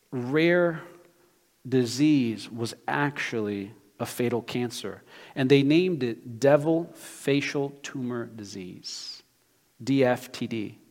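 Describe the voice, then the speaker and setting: A man preaching a sermon as pastor, with an emphatic, animated delivery and many rhetorical questions. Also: medium pitch. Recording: long hall reverb.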